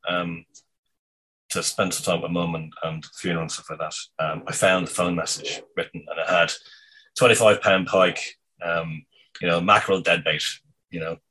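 A man telling a casual anecdote in a meandering, halting way, full of ums and restarts. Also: sits low, sharp tone, low-quality recording. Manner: meandering, halting, many fillers. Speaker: storyteller.

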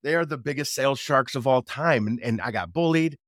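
A man guest talking casually about his business in an interview, energetic and repeating words for emphasis. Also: medium pitch, fairly quick, no echo, studio quality. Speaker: guest, drone business owner.

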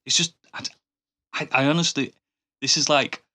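Enthusiastic bright-voiced man. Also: medium pitch, fairly even intonation, moderate pace. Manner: enthusiastic, rambling with frequent restarts. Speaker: podcast co-host. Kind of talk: casual chat.

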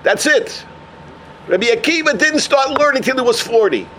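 High-voiced animated storytelling preacher. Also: male voice, moderate pace, slight background noise. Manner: animated storyteller who mixes Hebrew and Yiddish terms into English. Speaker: Torah teacher. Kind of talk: sermon storytelling.

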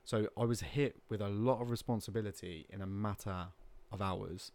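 A man's voice: fairly low pitch, fairly even intonation, moderate pace, a little mellow. Candid rambling guy. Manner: candid, rambling, lots of "like" fillers. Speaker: podcast guest. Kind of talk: casual chat.

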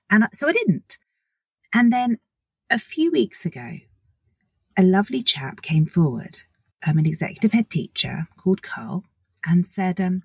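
A woman in her forties opens her own podcast, talking in a chatty, enthusiastic way and acting out little bits of conversation. Her voice is soft and breathy at a medium pitch. It sits close and dry on the mic, with no room around it. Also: big pitch swings, moderate pace, no echo. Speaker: podcast host. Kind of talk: solo podcast introduction.

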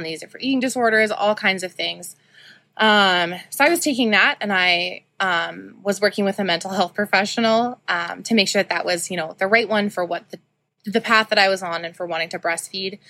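Woman podcast host, thirties: bright, candid, chatty storyteller, close dry mic. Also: medium pitch, no echo. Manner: candid, chatty, frequent ums and likes. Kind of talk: casual personal storytelling.

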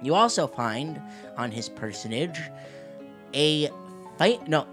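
A man's voice: on the high side, animated, over music. Laid-back man running a tabletop game. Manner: chatty, laughing, halting with fillers. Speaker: game master.

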